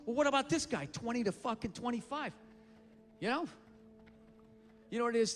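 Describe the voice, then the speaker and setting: A man's voice: very high voice, normal speed, long pauses, big-room sound, soft background music. A man doing a stand-up comedy routine on a club stage, ranting with profane disbelief.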